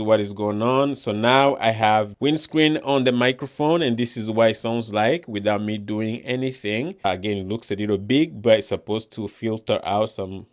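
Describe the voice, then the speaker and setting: A man giving a casual, upbeat review of gear, chatting straight to his viewers while wearing a wireless lapel mic in a home studio. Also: lowish voice. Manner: upbeat, chatty, often addresses viewers as guys. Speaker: tech reviewer. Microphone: wireless lapel microphone.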